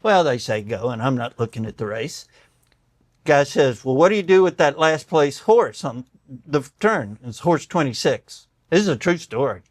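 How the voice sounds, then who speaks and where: An older doctor, appearing as a guest, tells stories in conversation with a mid-range voice at a moderate pace. He's animated, acts out the voices of the people he quotes, and tears up. The recording is dry and studio quality.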